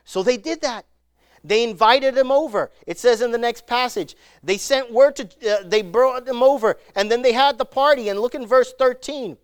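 A preacher giving a sermon, retelling scripture stories in an animated way and acting out the people in them. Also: mid-range voice, moderate pace, clean tone, no echo, studio quality. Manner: animated storytelling, acting out the scenes.

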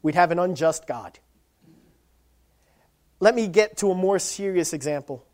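A man preaching a sermon, animated, swinging from loud emphasis to quiet low asides and acting out little scenes. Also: measured pace. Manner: animated, acts out voices of dads and kids. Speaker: pastor.

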